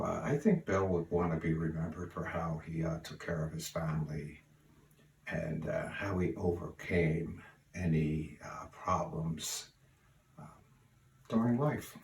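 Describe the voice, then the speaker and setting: Brief: older man, deep low voice, folksy rambling remembrance, distant mic in an echoey room. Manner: unhurried, folksy, many fillers. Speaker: relative sharing memories. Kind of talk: spoken remembrance. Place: room at home. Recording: roomy, distant mic, faint hiss.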